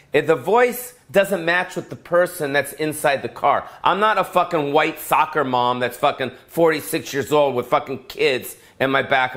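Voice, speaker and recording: A man's voice: medium pitch, a bit bright. A man giving a rambling, profane comedic rant in a casual, repetitive way. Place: Las Vegas.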